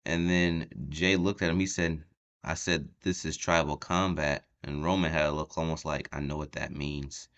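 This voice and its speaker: A man's voice: very deep voice, fairly even intonation, normal speed, fairly bright tone, dull audio. A man talking casually as he recaps a wrestling show, rambling with lots of ums and breaking into laughs.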